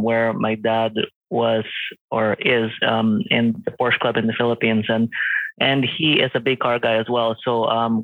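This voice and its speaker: A man's voice: medium pitch, dry recording. A man in his late twenties, a photographer guest, talking casually with many fillers and restarts. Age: 20s. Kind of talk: casual interview chat. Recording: tinny phone-like call line.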